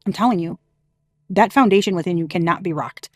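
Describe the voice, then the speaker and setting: A woman's voice: fairly low pitch, a little fast, a little mellow, dry recording, clean studio sound. Chatty, laughing woman tarot reader. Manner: chatty, emphatic, laughs often, swears casually. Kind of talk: casual spiritual reading to camera.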